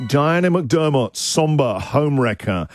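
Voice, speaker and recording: A man's voice: on the high side, animated, unhurried. A man hosting a radio show, joking and laughing often as he reads out listeners' misheard lyrics. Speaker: radio host. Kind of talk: comic radio banter. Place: radio studio. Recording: music bed behind voice. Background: music under the talk.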